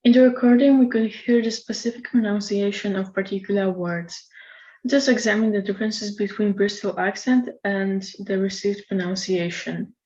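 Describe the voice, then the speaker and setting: A woman presenting a recorded lecture in a measured, explanatory way. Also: mid-range voice, fairly even intonation, a little mellow. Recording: slightly dull lo-fi recording.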